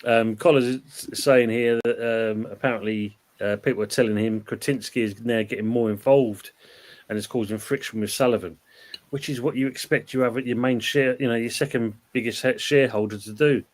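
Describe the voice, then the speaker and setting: Hosting a relaxed live-stream about football, this chatty man meanders from topic to topic and reads viewers' comments aloud. He speaks fairly quickly in a steady, mid-range voice that's a little mellow.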